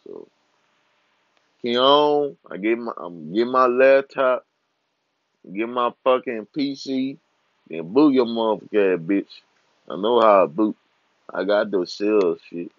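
A man's voice: on the low side, dry recording. A man in his twenties on a casual, profane rant, trash-talking and swearing freely. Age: 20s. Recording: dull lo-fi recording.

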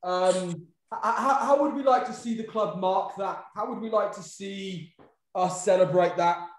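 A man's voice: high-pitched, unhurried. A man hosting a casual chat, hesitant and often repeating his words as he goes. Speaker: podcast host. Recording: roomy echo.

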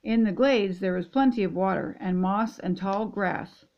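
A woman voicing a bouncy, bossy girl alligator, chirpy and loud, on a dull lo-fi recording. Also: mid-range voice, moderate pace, vocal fry, natural voice.

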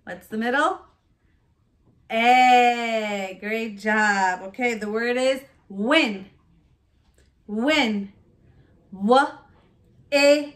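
A woman leads small children through a phonics lesson, stretching each word out very slowly so every sound comes through. Her voice sits high and bright, and she praises the class warmly after each answer. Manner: slow, clearly sounded-out words with cheerful praise. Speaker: preschool teacher.

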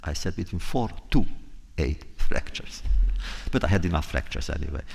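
A man giving a public talk, unhurried, telling a true story and acting out quoted dialogue, often repeating phrases for emphasis. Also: very deep voice, animated, creaky, slightly rough. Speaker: guest speaker.

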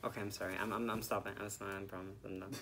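Recapping a hockey game on a podcast he co-hosts, a young man rattles off rapid-fire, rambling, profane talk. His lowish voice is flat, with a little hiss or hum in the recording, and he veers from mumbles to shouts.

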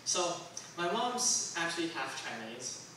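A man's voice: a little high, sing-song, slow pace, sharp tone, slight background noise. A young man from Taiwan doing a stand-up comedy set, rambling and self-deprecating with lots of fillers, on a club stage. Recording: very echoey room, distant mic.

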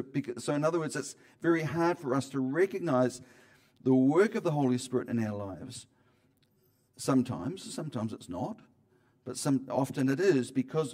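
A man preaching a sermon in church, talking conversationally with frequent restarts and swings between loud emphasis and quiet asides. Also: on the high side. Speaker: pastor.

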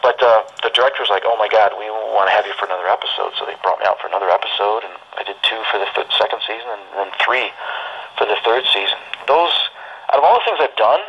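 A man's voice: on the low side, fast talker, slightly rough. A man telling a personal story in a casual, rambling, emotional way, full of restarts, on dull lo-fi audio.

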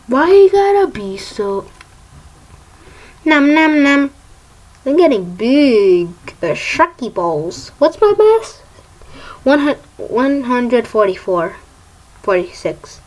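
A woman hosts her own gaming video, offering casual gameplay commentary in a high-pitched, slightly mellow voice with big pitch swings. She talks slowly with long pauses, playfully chanting silly sound effects as she plays.

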